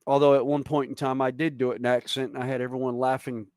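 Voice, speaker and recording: A man's voice: mid-range voice, fast talker, no room sound. Southern American man, casual storyteller, dry close mic. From southern United States. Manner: storytelling, animated anecdotes. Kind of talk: casual chat.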